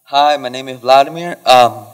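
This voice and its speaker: Young guy from ecuador near tears at the mic, kinda high voice, lots of hall echo. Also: a bit bright. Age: 20s. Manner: halting, apologetic, pausing often. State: emotional, close to tears. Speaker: audience member asking a question. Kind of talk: emotional question from the floor. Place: large lecture hall. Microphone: audience microphone. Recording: reverberant lecture hall.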